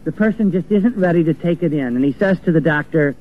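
A man's voice: a little high, animated, brisk. A man preaching an earnest sermon, acting out the voices of the people he quotes. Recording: tinny phone-like old recording with faint music.

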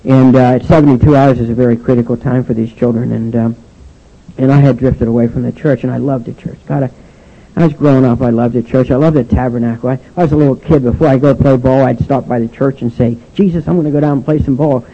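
Gravelly older man giving halting testimony. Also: medium pitch, steady tone. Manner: halting, with frequent "and, uh" restarts. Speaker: speaker sharing his recovery story. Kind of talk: personal testimony speech. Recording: dull lo-fi recording.

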